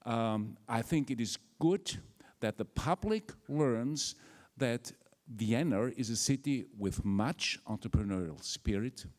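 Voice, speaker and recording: A man's voice: medium pitch, lively intonation, slow pace, hardly any pauses, a little mellow. An older man with an Austrian German accent gives a formal welcome speech as a university rector, hesitant and full of fillers. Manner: hesitant, with many fillers and restarts.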